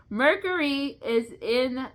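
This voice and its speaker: A woman's voice: high-pitched, expressive, drawn-out words. A young woman chatting casually in an unscripted vlog, rambling, restarting her words and laughing often. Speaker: vlogger.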